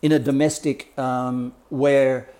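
A man's voice: medium pitch, little pitch movement, slow pace, mellow. A man talking as a life coach, explaining ideas in a blunt, colourful way with swearing and mimicked sounds. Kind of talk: casual explanatory talk.

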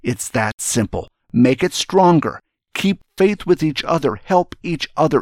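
A man's voice: on the high side, animated, a little slow, no room sound, clean studio sound. An older man, a retired general, telling a story and giving earnest, emphatic advice in a speech to young students.

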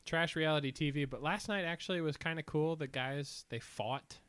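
A man co-hosting a podcast in casual chat, laid-back and rambling, often trailing off quietly. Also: on the high side, normal speed. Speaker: podcast co-host.

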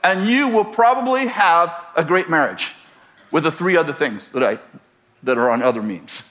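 A man's voice: a little high, animated, moderate pace, fairly bright tone. A man preaching a sermon, telling a humorous story and often laughing as he goes. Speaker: pastor.

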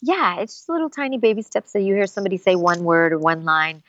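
A woman's voice: mid-range voice, big pitch swings, fast talker, fairly bright tone, dull audio. A woman, an actress and singer, telling stories in a casual interview with lots of fillers. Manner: chatty storytelling, many fillers.

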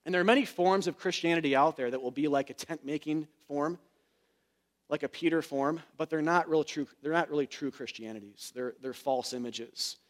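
Guy preaching in church, kinda high voice, gets loud then goes real soft, casual with lots of restarts. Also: moderate pace. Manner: earnest, rises to emphatic peaks then drops soft; speaks fillers and restarts, conversational preaching. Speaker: pastor. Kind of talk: sermon.

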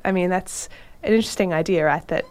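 A woman with a somewhat low voice co-hosting a thoughtful conversation. She speaks carefully and steadily, and reads a long passage aloud at a slow, deliberate pace. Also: darkish tone. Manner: measured, careful, reads a long quote slowly. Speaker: podcast co-host. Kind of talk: casual academic discussion and reading aloud.

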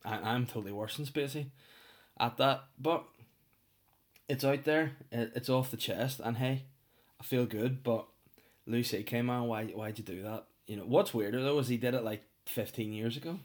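A man's voice: medium pitch, moderate pace. A young man, telling a crude, rambling comedic monologue on a podcast.

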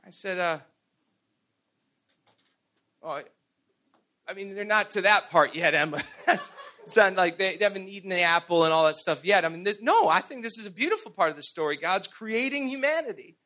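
A man's voice: sits high, moderate pace, long pauses, pushed and bright. A middle-aged man preaching a sermon, telling stories with laughs and stumbling restarts. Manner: storytelling with self-deprecating laughs and repeated "and, and".

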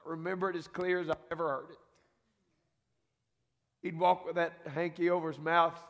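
A man with a high, gravelly voice delivers a fervent sermon as a senior pastor. He rises from reflective storytelling to shouted exclamations. His voice rings through a church sanctuary with long reverb. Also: level tone, normal speed. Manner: fervent preaching, building to shouts.

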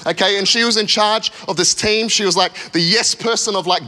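A man in his thirties preaching in a church, telling a story with lively acted-out voices before a sermon. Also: high-pitched, fast talker, hardly any pauses. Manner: animated storyteller, acting out voices. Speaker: pastor. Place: church hall.

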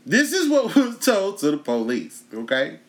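Somewhat high and a little slow, this Texan comedy host delivers a foul-mouthed stand-up monologue built around a story. His telling is animated, and he breaks out laughing.

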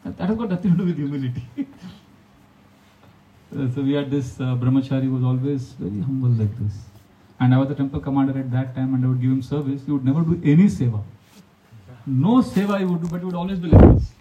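A man's voice: mid-range voice, fast talker, recorded from a distance, highs cut off. A man, a monk giving a devotional talk full of anecdotes, often laughing and acting out quotes. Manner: storytelling, animated, laughs often, acts out quotes.

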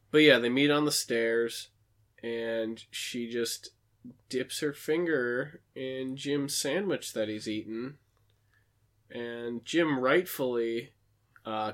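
A man's voice: mid-range voice, a bit bright. Man joking through a casual recap. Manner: chatty, joking, quick asides and laughs. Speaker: podcast co-host recapping a film. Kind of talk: casual chat.

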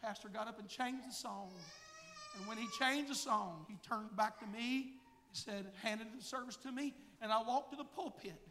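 A man in his forties preaches a sermon with a very high, piercing voice. He tells a story, dropping to a hush and then rising to a shout, and the sound rings through a large church sanctuary with a long echo. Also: normal speed. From United States. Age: 40s. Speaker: pastor.

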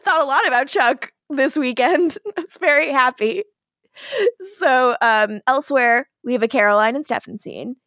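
A woman's voice: sits high, normal speed, a bit bright, no echo, studio quality. A woman co-hosting a podcast, recapping an episode in casual chat, laughing often and acting out quotes playfully. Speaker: podcast co-host.

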